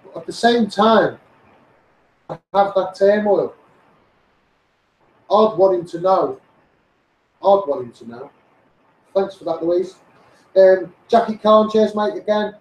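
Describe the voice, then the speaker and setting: A man with a Liverpool accent hosts a live stream, reading out his viewers' names and talking back to them like mates. His voice sits high for a man. The sound is roomy and echoey, and he is a little way back from the mic. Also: animated, takes it slowly, pauses often, darkish tone, recorded from a distance. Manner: addresses viewers by name, calls them mate.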